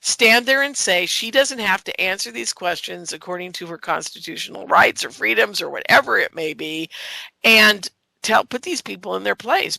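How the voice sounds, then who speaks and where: A woman's voice: fairly high pitch, creaky, sharp tone, no echo, low-quality recording. A woman in her sixties from the United States, talking casually and indignantly straight to her viewers in a rambling monologue. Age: 60s. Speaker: show host. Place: California.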